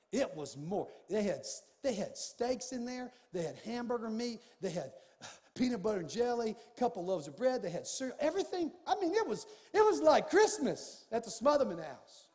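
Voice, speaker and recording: A high-pitched male pastor delivers a storytelling sermon, dropping to near-whispers and then rising to shouts. His voice rings out with a long reverb, as in a large church hall. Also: moderate pace. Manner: animated, swings from hushed to shouting.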